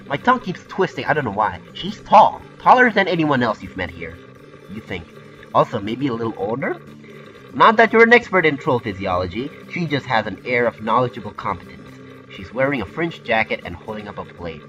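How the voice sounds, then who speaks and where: A man's voice: medium pitch, sing-song, fairly quick, pushed and bright. Casual man reading a game aloud. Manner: casual, offhand, swears often. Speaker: game player. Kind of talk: reading a visual novel aloud with casual commentary. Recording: muffled recording with faint background music.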